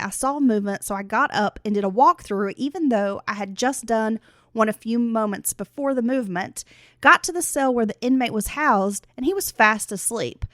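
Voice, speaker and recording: A woman's voice: fairly high pitch, fairly bright tone, no echo, studio quality. A woman co-hosting a podcast, reading listener stories aloud and chatting in a teasing, laughing way. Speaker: podcast co-host.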